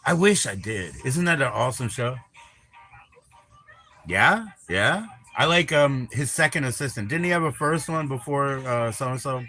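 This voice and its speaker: Man, livestream host, bright tone, crude rambling chatter, teasing, heavy swearing. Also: mid-range voice, expressive, a little slow, soft background music. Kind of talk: rambling live-stream chat.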